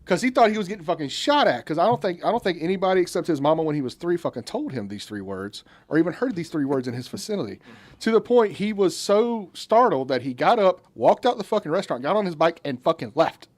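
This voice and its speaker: A man's voice: on the high side, sing-song, quick pace. Profane man telling a story. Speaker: podcast co-host. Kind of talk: casual storytelling banter.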